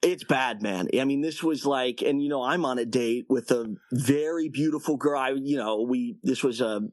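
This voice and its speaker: A man's voice: medium pitch, darkish tone, dry recording. Rambling young man telling a story. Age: 20s. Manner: rambling, halting, with many restarts. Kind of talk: casual call-in storytelling.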